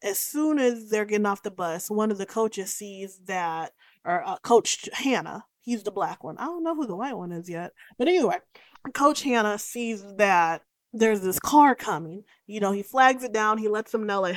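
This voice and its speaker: A young woman talks through a horror film with blunt slang and plenty of swearing, and she wanders off on tangents. Her voice sits at an ordinary pitch. It is close and dry, with no room sound. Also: expressive, normal speed, no echo. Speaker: movie recap host. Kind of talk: casual profane movie recap with tangents.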